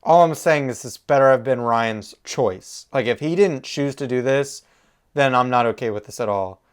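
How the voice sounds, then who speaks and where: With a clean, medium-pitched voice at a moderate pace, a young man hosts a casual reaction to a TV show. He addresses his viewers emotionally, with plenty of exclamations, while faint music from the program runs behind him.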